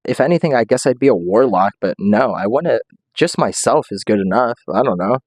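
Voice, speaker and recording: A man's voice: medium pitch, expressive, a little fast, darkish tone, no echo, studio quality. A man streaming, rambling through a comedic monologue, often laughing and acting out quotes in silly voices.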